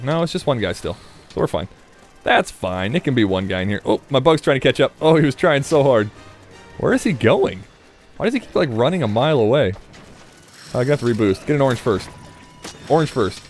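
A man casually commenting on his own gameplay, chatting, swearing and talking to the monster as he plays. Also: mid-range voice. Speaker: let's play gamer.

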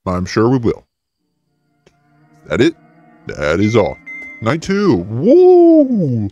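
A man's voice: fairly low pitch, sing-song, takes it slowly, a little mellow, lo-fi sound, faint music behind. A man playing a horror game and joking, talking back sarcastically to the game. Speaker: gaming YouTuber. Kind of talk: let's play commentary.

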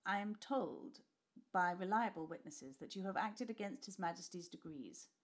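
Woman doing a scheming lord, smooth, threatening, storybook villain. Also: lowish voice, animated, moderate pace. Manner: smooth, then rising in anger. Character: cold scheming male lord, the narrator's uncle.

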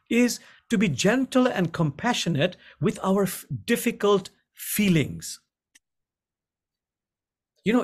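A middle-aged man, an imam, giving a gentle contemplative teaching over a video call and repeating key lines slowly for emphasis. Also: sits high, breathy edge.

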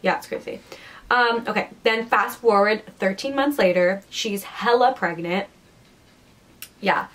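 A woman's voice: mid-range voice, a little slow, fairly bright tone. A young woman co-hosting a podcast, casually recapping a book plot with lots of "like" and "um". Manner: chatty, heavy use of "like" and "um". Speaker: podcast co-host.

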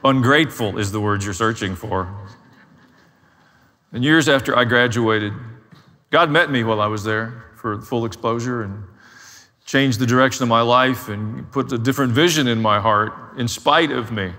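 A man's voice: mid-range voice, normal speed, bright, forceful tone, big-room sound. A man preaching a sermon as a pastor, telling his own story in a candid, self-deprecating way.

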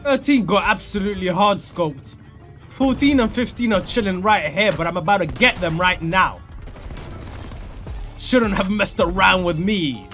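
A young man giving live gameplay commentary, excitable and crude, trash-talking opponents and shouting at kills. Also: high-pitched, measured pace. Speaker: gaming YouTuber. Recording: faint music and gunfire behind. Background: game music and gunfire.

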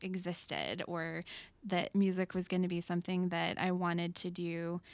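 A woman's voice: on the low side, measured pace, no echo. A young adult woman, a singer-songwriter guest, chatting casually in a studio interview and laughing often. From Metro Detroit. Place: radio studio.

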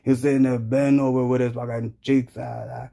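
A man tells a crude comic story in a rambling, profane, slang-heavy rant. His voice is gravelly and rough. It sits at an average pitch. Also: flat delivery, a little fast, warm tone.

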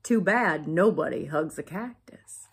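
A woman's voice: lowish voice, expressive, measured pace, a little hiss or hum. A woman voicing a laid-back male cowboy with a dry, teasing manner. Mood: wry.

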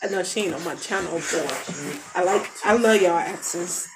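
Over music, a mother in her thirties from the United States chats casually in her noisy basement, rambling through a story with asides to her children. The family vlogger speaks at normal speed in a fairly low voice.

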